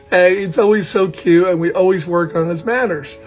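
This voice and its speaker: A man, a proud father, casually telling a story about his son, animated and laughing often as he talks. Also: high-pitched, a little fast, few pauses, soft background music. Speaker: parent telling a family story.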